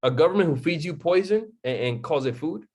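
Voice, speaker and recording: Expressive and fairly quick, this young man's fairly high voice is slightly mellow with a breathy edge. He's delivering a motivational live-stream talk full of rhetorical questions and repeated points, often checking with the chat by asking "right?"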